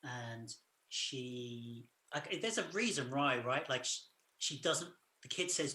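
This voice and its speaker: Podcast guy with a bright punchy voice, rambling thru a movie plot, echoey room. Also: mid-range voice, takes it slowly. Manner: loose retelling of the plot, full of "sort of" and "like". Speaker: podcast co-host. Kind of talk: casual film review chat.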